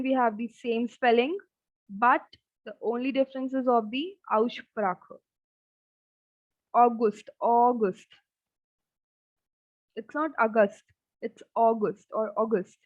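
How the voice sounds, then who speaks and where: A woman teaching a German lesson, speaking slowly and repeating each word several times. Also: a little high, no echo. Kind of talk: online language lesson. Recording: dull, dry lo-fi sound.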